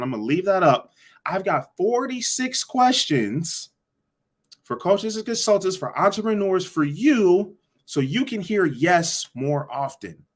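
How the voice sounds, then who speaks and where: A man teaching a live online sales session, energetic and repetitive, asking the audience to answer back. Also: on the high side. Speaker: sales coach.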